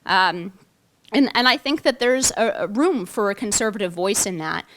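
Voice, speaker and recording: A woman's voice: mid-range voice, animated, moderate pace, fairly bright tone, a little hiss or hum. Female panelist, earnest and argumentative, prepared remarks with fillers. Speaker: policy analyst panelist. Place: club meeting room, audience present.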